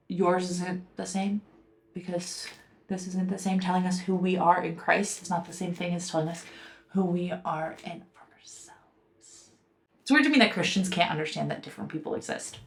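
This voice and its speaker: A woman's voice: on the low side, creaky. A young woman reviewing a book in casual commentary, heated and sarcastic, swearing often. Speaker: book reviewer and podcast host.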